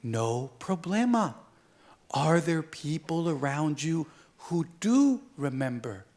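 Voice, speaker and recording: A man voicing a kind, calm woman schoolteacher in a storybook, speaking gently and quietly. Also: a little high, slow, pitched below the performer's own voice, full character voice. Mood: reassuring.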